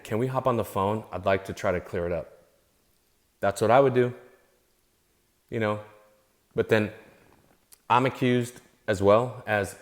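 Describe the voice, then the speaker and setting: A man ranting unscripted to his followers, heated and profane, repeating himself and restarting his phrases as he gets worked up. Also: fairly low pitch. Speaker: vlogger. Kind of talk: unscripted angry rant to camera.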